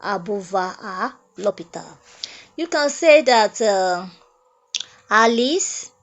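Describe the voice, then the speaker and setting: A woman teaching French grammar at a whiteboard, repeating each phrase slowly and explaining step by step. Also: mid-range voice, expressive. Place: classroom at a whiteboard. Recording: dull lo-fi sound.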